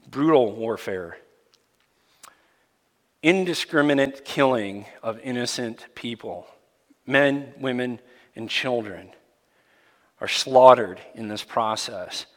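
A man preaching a sermon as pastor, swinging from hushed, near-whispered lines to loud, heated ones. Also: mid-range voice. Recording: long hall reverb.

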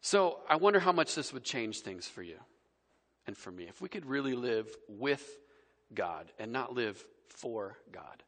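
A man preaching a casual, conversational sermon, swinging between loud emphasis and quiet, soft passages. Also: medium pitch, very animated, measured pace. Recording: long reverb of a large hall.

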